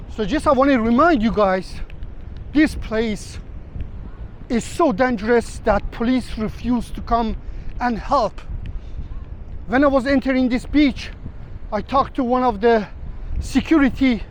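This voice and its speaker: High-voiced man, mock-dramatic beach vlog. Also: rough recording. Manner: mock-dramatic, deadpan sarcastic. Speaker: travel vlogger. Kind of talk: sarcastic parody vlog, walking on camera. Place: outdoors on a beach. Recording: faint wind and traffic noise outdoors.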